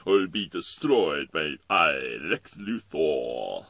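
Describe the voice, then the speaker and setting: A gloating cartoon supervillain with a boastful, drawn-out delivery, as a man puts him on. The voice sits very low and a little husky. It is recorded dry and close. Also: big pitch swings, no room sound, full character voice. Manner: slow, pompous and loud, with drawn-out words. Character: smug villainous genius, adult man, boastful.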